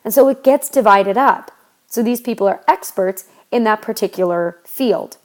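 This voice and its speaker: A woman's voice: medium pitch, normal speed, a little mellow. Woman explaining history conversationally. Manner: conversational, explains step by step with fillers and restarts. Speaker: history teacher. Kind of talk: recorded history lecture.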